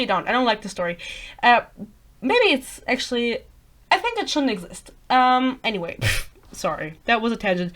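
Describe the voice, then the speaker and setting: A bilingual woman with a slightly high voice ranting in a casual vlog. She is blunt and sarcastic and swears without a second thought. She keeps cutting herself off and drifting into tangents. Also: fairly bright tone. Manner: rambling, self-interrupting tangents. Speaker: book reviewer.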